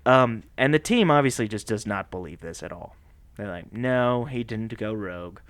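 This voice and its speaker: A man co-hosting a podcast, recapping a movie plot in a casual, animated way, laughing often and slipping into voices for the characters. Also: fairly low pitch, moderate pace, dry recording. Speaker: podcast co-host.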